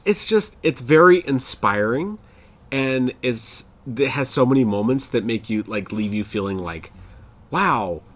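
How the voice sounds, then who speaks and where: A young man co-hosting a casual podcast, talking animatedly about shows he loves and laughing loudly and often. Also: medium pitch, animated, measured pace. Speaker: podcast co-host. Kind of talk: casual chat.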